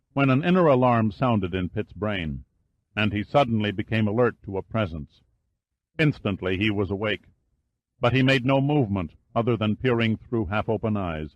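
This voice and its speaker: A man narrating an audiobook in a measured, steady reading style. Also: on the low side, highs cut off. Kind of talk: scripted narration.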